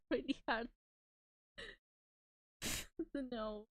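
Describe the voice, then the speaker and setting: Slow, giggly young woman chatting. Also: fairly high pitch, steady tone, no echo. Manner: giggly and easygoing. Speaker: streamer and co-host. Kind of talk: casual chat.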